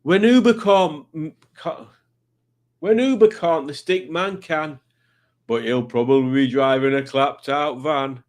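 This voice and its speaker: A man's voice: fairly high pitch, unhurried, pitched above the performer's own voice, natural voice. A man reading out a comic rhyme in a put-on regional accent, with a sing-song delivery. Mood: playful.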